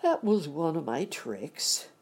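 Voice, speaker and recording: A frightened little old wizard stammers and pleads in a shaky, lifting voice, as a woman reads him. The voice is husky and slow, swinging widely up and down. He sounds like a storybook fraud caught out. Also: sits low, big pitch swings, darkish tone, exaggerated voice. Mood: trembling. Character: timid little old male wizard, a humbug.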